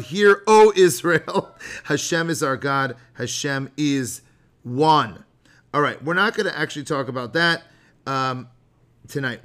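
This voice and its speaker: A man's voice: mid-range voice, sharp tone. A middle-aged man hosting a podcast as a rabbi, talking in a chatty, jokey, digressive way and sometimes chanting Hebrew prayer lines. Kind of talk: animated podcast sermon.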